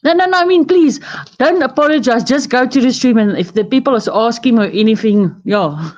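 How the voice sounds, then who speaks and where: A woman's voice: a little high, fairly quick, lo-fi sound, crowd noise. A chatty woman with a South African accent, talking casually into her phone while lying on her bed at home. She rambles from one thing to the next and laughs often. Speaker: guest on a live stream. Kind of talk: casual chat.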